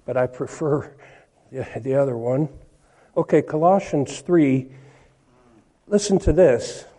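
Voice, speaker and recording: A man with a mellow, medium-pitched voice preaches a sermon. He reads scripture aloud slowly and emphatically, leaning hard on key words.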